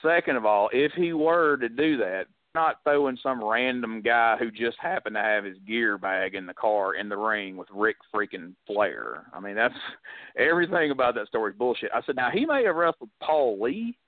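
A man's voice: on the low side, expressive, normal speed. A man tells a story on a wrestling podcast, breaking into quoted voices for the other people in it. The sound is thin and phone-like, with no room echo. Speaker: podcast co-host. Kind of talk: casual storytelling chat. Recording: dry, phone-like audio.

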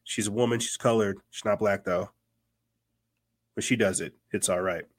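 Rambling low-voiced man. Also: fairly even intonation, moderate pace. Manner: rambling, repeats words, many fillers. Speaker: podcast host. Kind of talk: casual political commentary.

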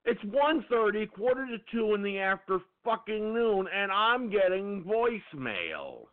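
A man's voice: sits high, big pitch swings, measured pace. A man hosting an internet radio show, telling a profane, angry story in a ranting monologue. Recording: tinny phone-line sound.

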